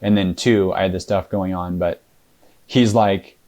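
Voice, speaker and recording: A man with a fairly low voice recounts his experience to an interviewer. He talks casually and rambles, leaning on fillers and restarting his sentences. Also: steady tone, unhurried, warm tone. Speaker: interview guest.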